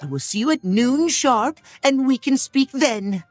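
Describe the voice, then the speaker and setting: An actor plays a prim, haughty cat-eared gentleman from a video game, fussing over punctuality in crisp, clipped words. The voice sits high and swoops widely. It has a husky edge. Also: animated, measured pace, dry recording, faint music behind. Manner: haughty, fussy, clipped elocution. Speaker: game character voice.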